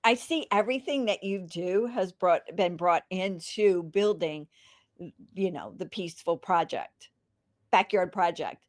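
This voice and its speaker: A woman's voice: on the low side, lively intonation, unhurried, dry recording. A woman hosting a podcast interview, enthusiastic and affirming toward her guest. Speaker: podcast host.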